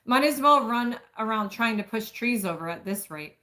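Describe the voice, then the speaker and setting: Woman streamer reading a romance book out loud, dramatic, stops to fix tricky words. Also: mid-range voice, expressive, moderate pace, few pauses. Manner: dramatic reading with asides about stumbles.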